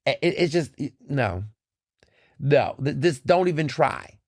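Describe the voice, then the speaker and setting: A man hosting his own podcast, talking in a blunt, animated, often profane monologue with laughs. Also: fairly high pitch, a little slow, no echo, studio quality. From United States. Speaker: podcast host. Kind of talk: casual opinion monologue.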